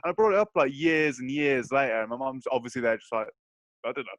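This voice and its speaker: A young man, telling stories in a slangy, animated way during a casual podcast chat. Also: mid-range voice, fast talker, no room sound. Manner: animated storyteller, slangy, laughs through his telling. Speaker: podcast co-host.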